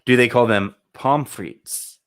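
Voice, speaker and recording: A man co-hosting a live show, chatty and excitable in casual banter with his friend. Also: mid-range voice, slow. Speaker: co-host.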